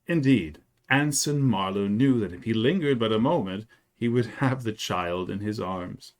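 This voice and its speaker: A man reading a 19th-century story aloud, telling it in an expressive, dramatic way. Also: lowish voice, normal speed. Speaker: reader.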